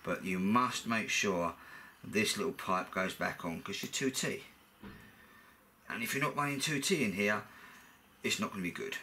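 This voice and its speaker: A man's voice: lowish voice, moderate pace, pauses often, bright, forceful tone, slight background noise. A middle-aged man with a blunt, chatty manner, talking through a scooter repair in a workshop and swearing freely. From United Kingdom. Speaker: mechanic vlogger. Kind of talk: casual repair tutorial.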